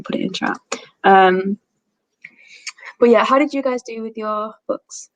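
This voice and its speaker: Brief: young woman host, relaxed live chat with friends, dry close sound, reads chat aloud. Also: fairly high pitch, unhurried, no room sound, poor audio. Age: 20s. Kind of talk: casual livestream chat.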